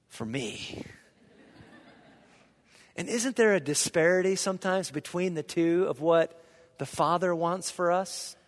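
A middle-aged man from Indiana preaching a sermon, telling a childhood story with lively, joking asides to his listeners. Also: high-pitched. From Indiana, USA. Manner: lively anecdotal storyteller, jokes with the audience. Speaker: pastor. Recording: long reverb of a large hall.

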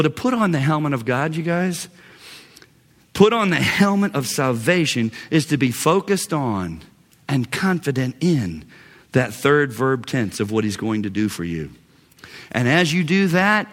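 A male pastor preaching a sermon with dynamic delivery, swinging from loud exclamations to hushed, low phrases. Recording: long reverb of a large hall.

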